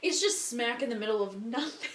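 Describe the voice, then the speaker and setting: Woman podcast host, blunt and dramatic, laughs a lot, kinda high voice, echoey room sound. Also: expressive, a little fast, crowd noise. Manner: blunt, exaggerating, laughs often. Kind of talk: casual chat. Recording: roomy echo.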